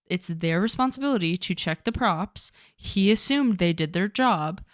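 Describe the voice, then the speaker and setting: A woman co-hosting a podcast in casual chat, chatty and animated with lots of fillers. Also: mid-range voice, normal speed, dry recording, studio quality. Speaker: podcast co-host.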